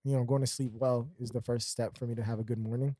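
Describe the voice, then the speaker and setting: A man's voice: mid-range voice, little pitch movement, fast, mellow, no echo. Guy on a podcast rambling, lots of um and like, laughs a bunch, dry close sound. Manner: laughs often, rambling with fillers. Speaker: podcast co-host. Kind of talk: casual chat.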